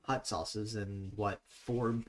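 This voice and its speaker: A man's voice: fairly low pitch, fairly even intonation, slow pace. A young man chatting and joking on a casual stream while tasting beers, full and hiccuping. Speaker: streamer co-host.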